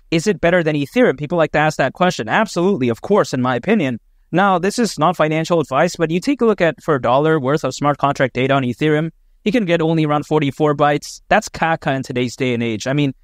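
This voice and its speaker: A man's voice: on the high side, dry recording, studio quality. A man hosting his own crypto vlog, talking in a chatty, emphatic way with lots of "you know". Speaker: crypto channel host. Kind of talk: casual opinion vlog.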